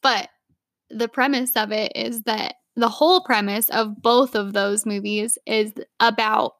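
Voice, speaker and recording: A young adult woman co-hosting a podcast in casual chat, talkative and quick to laugh, with lots of "like". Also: on the high side, steady tone, a bit bright, no room sound, studio quality. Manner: chatty, lots of "like", laughs easily. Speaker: podcast co-host.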